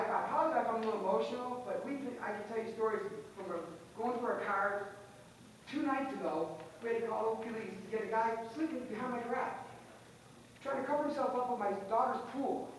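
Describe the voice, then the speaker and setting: A man speaking as a resident at public comment in a council meeting, agitated and emotional, restarting his sentences. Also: high-pitched. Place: council chamber. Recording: far-off mic in an echoey chamber, faint noise.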